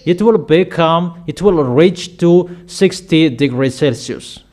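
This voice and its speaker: Male preacher, slow and emphatic, higher-pitched, sudden loud outbursts. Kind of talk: sermon.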